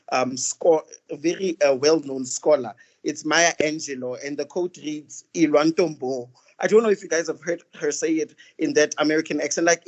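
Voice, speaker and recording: A man's voice: a little high, lo-fi sound. A young man hosting an online student training over a video call, joking and full of fillers. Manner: playful, joking, with many fillers. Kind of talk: casual event hosting.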